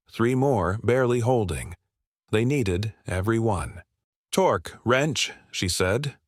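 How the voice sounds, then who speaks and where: A man narrates a dramatic war story from a script, in a steady and measured way. His voice sits low, and the recording is dry and close, with no room sound. The delivery stays even from line to line. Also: no room sound.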